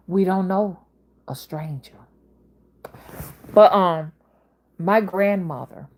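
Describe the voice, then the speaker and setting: Woman in her fifties, Southern accent, lowish voice, loose rambling monologue. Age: 50s. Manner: rambling, jumps between topics. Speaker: spiritual reader and channel host. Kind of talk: casual spoken monologue.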